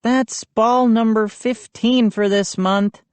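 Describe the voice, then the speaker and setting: A woman's voice: fairly high pitch, slow pace, clear, resonant tone, no echo, voice pushed up. A woman reading an audiobook, voicing a mischievous young boy who exclaims and teases. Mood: excited. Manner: excitable, prankish.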